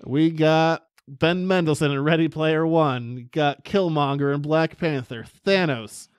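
A man's voice: fairly high pitch, measured pace, clear, resonant tone, no room sound. A man co-hosting a pop culture podcast in casual chat, joking and sarcastic, laughing often. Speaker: podcast co-host.

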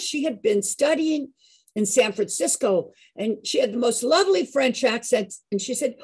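A woman in her sixties telling a personal story in an animated, chatty way, with a husky voice. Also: a little high, moderate pace, poor audio. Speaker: show regular.

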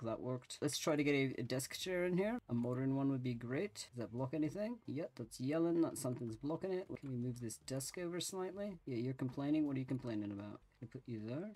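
A man's voice: medium pitch, darkish tone. A man hosting a let's play, chatting casually as he narrates each move and talks back to the game. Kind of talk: casual gameplay commentary.

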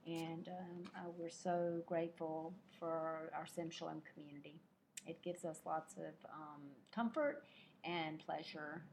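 A woman leading a live-streamed prayer service, speaking gently and slowly with many fillers, a modest singing voice and a distant mic. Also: lowish voice, slight background noise. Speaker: lay service leader.

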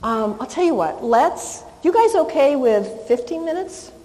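An animated woman dog trainer talks a class through handling reactive dogs, her voice sitting slightly high. She is casual and chatty, and the sound carries a long hall reverb. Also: unhurried. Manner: chatty, animated, praises the dog in a soft coo. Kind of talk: live class instruction.

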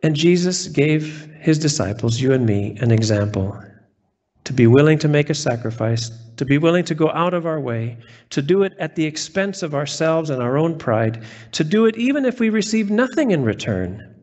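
A man's voice: a little high, animated, moderate pace, a little mellow. A man preaching a sermon as pastor, reading scripture aloud and stressing quoted words earnestly.

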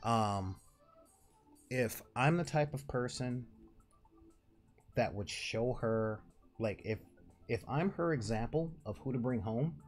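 A man's voice: mid-range voice, slow pace, long pauses, soft background music. A man with a nasal voice hosting his own channel, talking casually and rambling with laughs and restarts. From Southern California. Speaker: channel host. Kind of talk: casual direct-to-camera talk.

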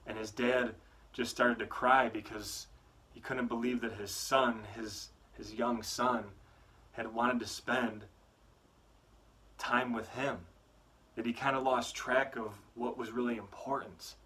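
A man, a youth motivational speaker, giving a weekly faith talk to students with animated, earnest storytelling. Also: mid-range voice, slow.

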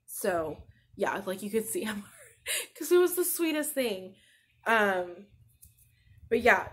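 A woman in her thirties hosts a casual podcast, talking in a loose, rambling way with plenty of filler words. She is short on sleep as a new mother. Her voice sits at an ordinary, middle pitch. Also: fairly bright tone. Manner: chatty, rambling, peppered with "like". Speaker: podcast host. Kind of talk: casual chat.

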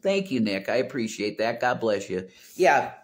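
A man's voice: medium pitch, sing-song, moderate pace. A man hosting a casual home livestream, reading chat comments aloud, rambling and swearing bluntly.

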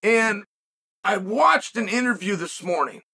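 A man's voice: high-pitched, expressive, unhurried, vocal fry, pushed and bright, breathy edge. A middle-aged man hosting a podcast, delivering a reflective commentary monologue full of rhetorical questions and restarts. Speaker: podcast host.

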